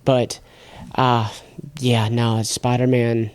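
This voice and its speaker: A young man co-hosting a podcast in loose, slangy talk, tripping over his words and restarting often. His voice is dark and mellow, and the sound is dry and close. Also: medium pitch, flat delivery, slow pace, clear, resonant tone, no room sound. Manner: rambling, slangy, stammering restarts. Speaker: podcast co-host. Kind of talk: casual chat.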